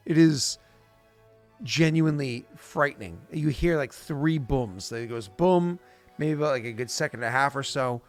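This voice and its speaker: A man's voice: medium pitch, normal speed, soft background music. Rambling male game master. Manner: rambling, many fillers and restarts, vivid sound effects. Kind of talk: narrating a tabletop game.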